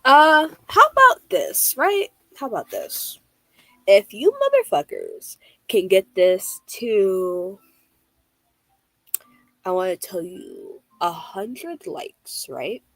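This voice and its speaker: A woman's voice: medium pitch, huge pitch swings, slow pace, fairly bright tone, no echo. A young woman streaming a game, chatting casually and gushing, with frequent swearing. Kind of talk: casual live-stream chat while reading a game aloud.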